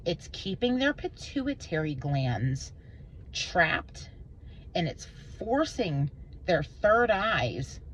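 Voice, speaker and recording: Swearing as she goes, a woman rambles through an intense, emotional monologue for her vlog, pitch veering low then high. The audio is poor, with slight background noise.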